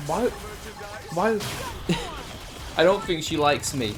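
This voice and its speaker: Joking man streaming a game, lively pitch. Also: slow, long pauses, over music. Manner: joking, laughs often. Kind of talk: casual gameplay commentary.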